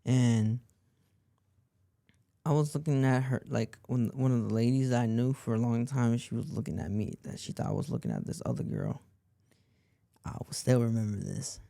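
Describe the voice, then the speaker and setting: A man's voice: mid-range voice, expressive, moderate pace, creaky, pauses often, warm tone, no echo, studio quality. A young man hosting a podcast, telling a personal story in a rambling way and leaning on "like" and repeated phrases. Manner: rambling, repeats himself, lots of "like". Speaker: podcast host.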